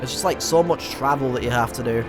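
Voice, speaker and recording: A man's voice: medium pitch, fast. Casual, joking man playing through a game. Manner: casual, joking, swears often. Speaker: gaming content creator. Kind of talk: let's play commentary, reading game dialogue aloud. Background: game music.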